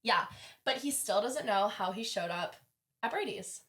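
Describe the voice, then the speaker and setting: A young woman, a college student, telling a long story in casual chat, lively and full of "like," acting out what others said. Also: medium pitch, moderate pace. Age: young adult. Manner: animated, heavy use of "like", acts out quoted voices. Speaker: podcast guest.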